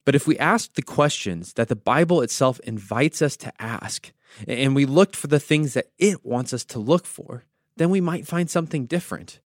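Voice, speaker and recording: A man's voice: mid-range voice, lively intonation, normal speed, no room sound, studio quality. A man hosting a devotional podcast, teaching with storytelling and wry asides. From United States. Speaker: podcast host.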